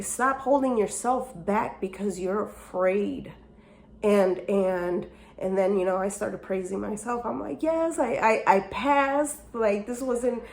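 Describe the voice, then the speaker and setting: A woman casually telling a personal story to her viewers, animated and openly emotional, with many fillers and restarts. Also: mid-range voice. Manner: openly emotional and self-encouraging. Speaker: vlogger telling a life story.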